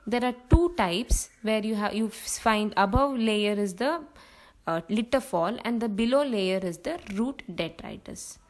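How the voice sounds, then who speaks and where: Woman teaching in a higher voice. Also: rough recording. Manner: explanatory, repeats terms, frequent fillers. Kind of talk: online biology lecture.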